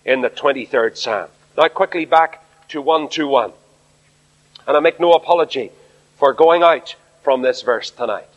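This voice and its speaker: An Irish man preaching a sermon, emphatic and speaking straight to his congregation. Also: fairly high pitch. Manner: emphatic, addresses the congregation directly. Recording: dull recording in a reverberant hall.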